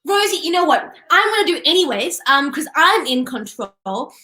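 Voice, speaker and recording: A woman's voice: sits high, sing-song, normal speed, sharp tone, reverberant. A young woman hosting a children's show, talking in a patient, upbeat and coaxing way with a few restarts.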